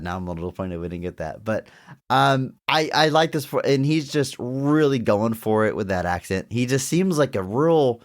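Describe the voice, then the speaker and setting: A young man with a lowish voice co-hosts a casual movie podcast. He talks eagerly and loosely, circling back on his words as he goes. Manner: enthusiastic, rambling with restarts. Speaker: podcast co-host. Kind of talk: casual movie review chat.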